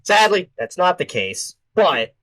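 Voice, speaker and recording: A man's voice: high-pitched, sing-song, unhurried, sharp tone, low-quality recording. A man co-hosting a podcast, recapping wrestling in casual chat, swearing freely and acting out what the wrestlers said. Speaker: podcast co-host.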